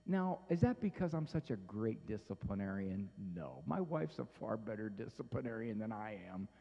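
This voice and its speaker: A man giving a humorous parenting talk to an audience, telling stories with lively voices. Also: lowish voice, normal speed, creaky, big-room sound, muffled recording. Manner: animated storytelling, acts out voices. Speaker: speaker on parenting.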